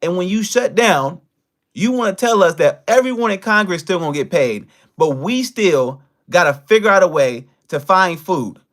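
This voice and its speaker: Brief: a high-voiced American man on a livestream, furious and profane, talking straight to his chat. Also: lively intonation, normal speed. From United States. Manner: heated and profane, with big swings in pitch and loudness. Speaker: livestream host. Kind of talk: angry livestream rant.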